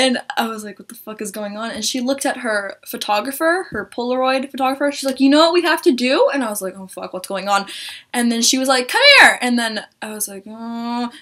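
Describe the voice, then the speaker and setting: A young woman telling a story to camera in an excited vlog, gushing, swearing and acting out quotes in a higher voice. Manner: gushing, swears a lot, acts out quotes in a high voice. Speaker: vlogger.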